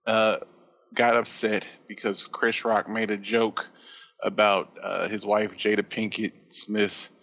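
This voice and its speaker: A man's voice: fairly low pitch, level tone, slow, a bit bright, highs cut off. A man co-hosting a casual podcast chat, telling a story in a rambling, profane way. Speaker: podcast co-host.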